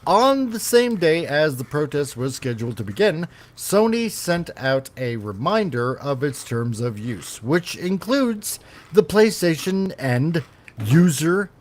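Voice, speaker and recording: A man's voice: on the high side, very animated, a little slow. A man hosting a casual podcast, reading gaming news with rambling, self-correcting sarcastic asides. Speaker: podcast host.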